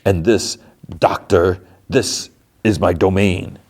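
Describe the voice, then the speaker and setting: A man voicing a grandiose male trickster god, declaiming slowly in his own low voice. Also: fairly even intonation, a little mellow, exaggerated voice. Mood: solemn. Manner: slow, declaiming.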